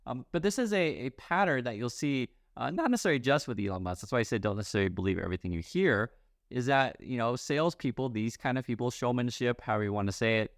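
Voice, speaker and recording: A man's voice: fairly low pitch, creaky, no room sound, studio quality. A middle-aged man hosting casual news commentary, chatty and wry, with many fillers and restarts.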